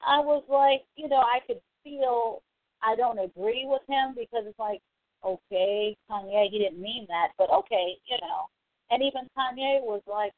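Woman host, casual opinion rant, blunt and animated, dry phone-line sound. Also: fairly high pitch, moderate pace, no room sound. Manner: animated, blunt, swears freely. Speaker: call-in show host. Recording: tinny phone-line audio.

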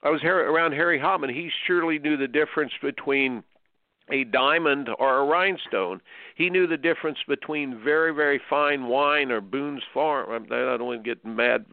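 A man in his seventies from Indiana, hosting a radio tennis show and telling stories with bursts of excited exclamations. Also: on the high side, moderate pace, creaky, no room sound. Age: 70s. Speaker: tennis coach and host. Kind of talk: radio show interview, storytelling. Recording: tinny dry phone line.

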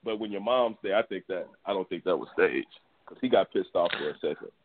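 A man co-hosting a boxing podcast, telling stories in a slangy, animated casual chat. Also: sits low, a little fast, background noise. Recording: husky voice on a tinny phone-like line.

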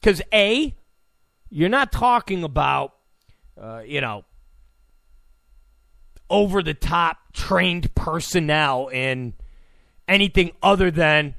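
A man with a gravelly voice hosts a talk show, ranting in disbelief with heavy sarcasm. His pitch swings widely as he repeats his points and bursts into shouts. The recording is close and dry. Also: animated, slow, pauses often, dry recording. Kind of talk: ranting commentary. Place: Los Angeles.

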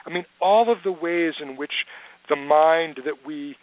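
Calm, measured man on a phone line. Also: on the high side, dry recording. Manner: calm, measured, with frequent ums. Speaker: guest teacher. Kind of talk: casual spiritual discussion.

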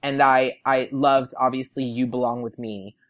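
A young man, a podcast guest, telling a story in a casual way and acting out what people said in lively voices. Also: mid-range voice, moderate pace. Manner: animated, quotes people in lively put-on voices.

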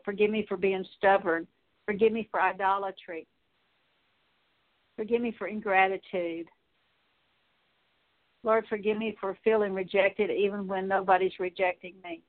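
A woman Bible teacher leading a slow, halting spoken prayer with many pauses and fillers. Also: mid-range voice, fairly even intonation. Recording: tinny phone-like audio.

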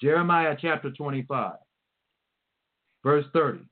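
A man preaching a sermon, reading scripture slowly and stressing his points with emphasis. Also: a little high. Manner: emphatic, reads scripture slowly and repeats verse numbers. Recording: tinny phone-like audio.

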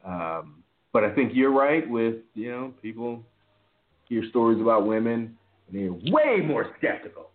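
A man's voice: mid-range voice, sing-song, measured pace. A man co-hosting a podcast, talking in a rambling, profane, casual way with frequent restarts. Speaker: podcast co-host. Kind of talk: casual chat. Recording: echoey, phone-like line with faint music.

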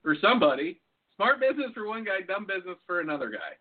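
A man's voice: high-pitched, very animated, fast. A man co-hosting a casual podcast chat, swearing freely and acting out both sides of phone calls as he tells stories. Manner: profane storyteller, acts out phone calls. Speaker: podcast co-host. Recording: tinny phone-like sound.

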